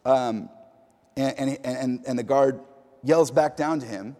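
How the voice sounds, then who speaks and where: A man's voice: mid-range voice, slow pace, mellow. Conversational man preaching in a reverberant hall. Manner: conversational storytelling with fillers and repeats. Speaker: pastor. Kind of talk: sermon.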